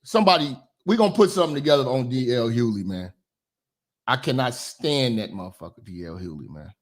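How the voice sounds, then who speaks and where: A man hosting a reaction commentary channel, animated and mocking, swearing freely as he talks back to clips. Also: mid-range voice, fairly quick.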